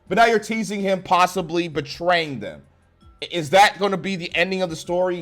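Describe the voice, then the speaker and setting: Male reviewer, higher-pitched voice, sarcastic and profane, faint music underneath. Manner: blunt, sarcastic, swears heavily. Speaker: wrestling show reviewer.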